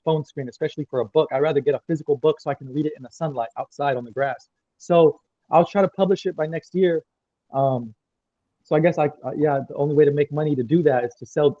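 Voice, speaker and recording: High-voiced agitated man, lo-fi stream. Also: dark tone, no echo. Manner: rambling, agitated, profane, repeats himself. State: crying. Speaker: guest. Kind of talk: emotional livestream interview.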